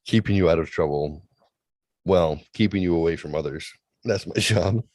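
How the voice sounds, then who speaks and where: A man's voice: low voice, normal speed, a little mellow, dry recording. A man co-hosting a comedy show over a remote call, telling a bawdy story and acting out the other people's lines with playful relish. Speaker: co-host. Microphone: remote video call.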